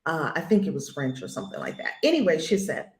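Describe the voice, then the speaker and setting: A woman's voice: low-pitched, sing-song, fast. Blunt older woman teaching, roomy sound. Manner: blunt, emphatic, repeats key phrases. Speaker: spiritual teacher. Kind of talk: spoken spiritual lesson.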